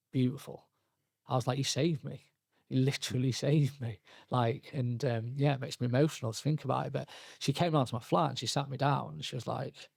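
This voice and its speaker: A young man, a podcast guest telling his story candidly, halting and restarting often. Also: medium pitch, vocal fry, darkish tone, no room sound, studio quality. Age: young adult. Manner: halting, frequent restarts and fillers, quoting himself and others.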